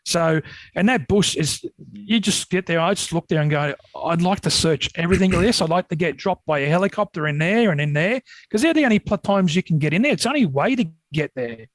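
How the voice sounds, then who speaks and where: A man's voice: high-pitched, a little fast, dry recording, poor audio. Australian man, rambling bush tales. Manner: rambling, animated when retelling scares. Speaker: podcast guest, Yowie researcher. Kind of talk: casual storytelling.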